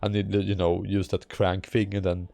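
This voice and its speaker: A man's voice: low-pitched, level tone, moderate pace, vocal fry, dark tone, no room sound. A Swedish man chatting on a live stream in a rambling, profane, amused way. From Sweden. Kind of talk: casual live-stream commentary.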